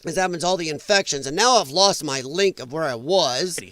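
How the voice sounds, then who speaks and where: A man hosting a casual reaction livestream, his voice strained and damaged from breathing trouble, blunt and opinionated and quick to swear. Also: on the high side, a bit bright, dry recording. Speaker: livestream host.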